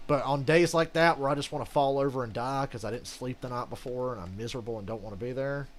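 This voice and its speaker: A man's voice: mid-range voice, fast. A man giving casual, rambling gameplay commentary as a channel host, ranting and swearing freely.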